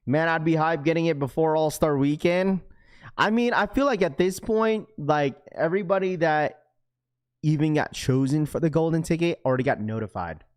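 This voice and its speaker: A young man hosting a casual live stream, reading viewer comments aloud and bantering back in slangy talk, climbing loud and high when he gets worked up. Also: moderate pace. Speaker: livestream host.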